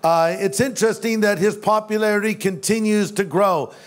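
A male pastor with a high speaking voice for a man delivers a sermon. His tone is loose and conversational, with jokes and playful asides. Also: moderate pace. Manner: jokey, conversational, does voices.

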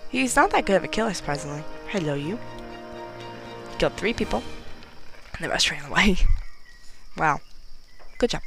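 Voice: medium pitch, animated, moderate pace, gravelly, pauses often, music in the background, poor audio. A gameplay commentator talking casually while playing, chatty and giggly, mocking themself and getting nervous when danger comes near. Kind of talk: casual let's-play commentary.

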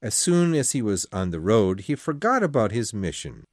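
A man narrates a classic novel as a scripted audiobook, telling the story expressively. His voice sits low yet moves with lively, animated pitch. The recording is dry and close. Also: moderate pace, no room sound.

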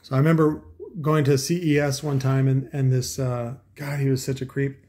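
A man's voice: medium pitch, little pitch movement, moderate pace, warm tone. A man hosting a casual commentary, talking in a sarcastic, profane, rambling way full of asides. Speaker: host.

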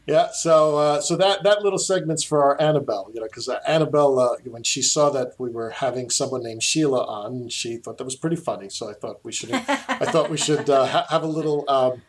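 A man's voice: medium pitch, brisk, rough recording. A man from Queens hosting a podcast, chatting casually and reading an episode introduction, laughing often and tripping over names. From Queens, New York. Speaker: podcast host.

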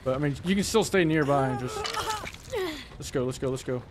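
On a very noisy recording, a livestream host with a mid-range voice talks briskly while playing a game. His callouts during play are urgent and excited, while between rounds he relaxes and jokes with friends and viewers.

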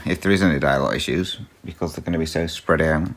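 A deep, slightly husky voice from a cross-stitch vlogger chatting casually to viewers. The talk wanders, full of ums and small laughs, as questions get answered one by one. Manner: rambling and chatty, with frequent ums and little laughs; talks to a pet between answers. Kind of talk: casual chat.

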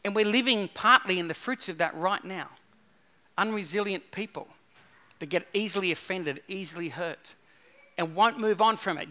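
A man preaching a sermon in an animated way, with repeated phrases and acted-out quotes. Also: sits high, moderate pace. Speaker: pastor.

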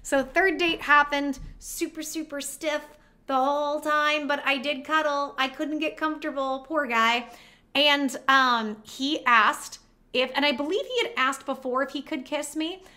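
A woman with a high, bright voice chats to the camera from her home setup, rambling through a personal story. She talks in a casual, self-deprecating way, with plenty of restarts and asides. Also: measured pace. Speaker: vlogger.

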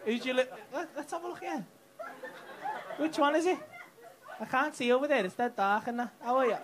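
A man's voice: extremely high pitch, a little fast. A man doing cheeky, crude crowd work on a comedy club stage. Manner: cheeky, crude banter with the audience. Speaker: stand-up comedian. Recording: live club with loud crowd and noise. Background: loud crowd laughter.

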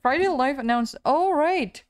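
A woman's voice: sits high, lively intonation, a little slow. A young woman streaming a game, chatting casually with her viewers, reading out chat and apologizing often. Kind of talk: casual live-stream chat while gaming.

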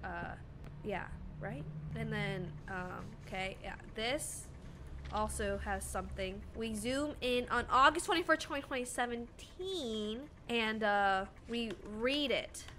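A woman streaming a horror game, chatting excitably and giggling with her viewers. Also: on the high side, slow pace, a little hiss or hum. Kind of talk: casual gameplay commentary.

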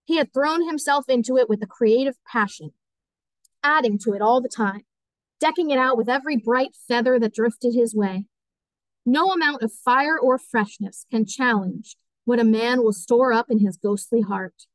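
A woman teacher reading a novel aloud as audiobook narration, steady and clear. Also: a little high, normal speed, no echo, poor audio.

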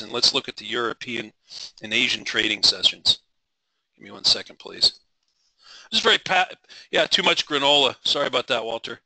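A middle-aged man teaches a live trading webinar with fiery, driven passion, often rambling and restarting his sentences. His voice is strikingly bright and sharp. The recording is dry and close, with no room echo. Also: medium pitch.

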